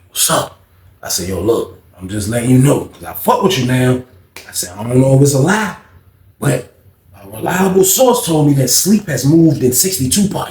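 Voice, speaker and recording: A man with a gravelly voice telling a story in an animated way and acting out what other people said. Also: a little high, reverberant. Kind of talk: storytime monologue.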